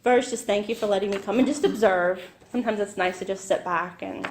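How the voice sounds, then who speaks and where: A woman's voice: medium pitch, a little fast, slight background noise. A woman, a visiting club director, giving a short modest talk to a club, laughing lightly. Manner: modest, self-described shy, laughs lightly. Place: club meeting room.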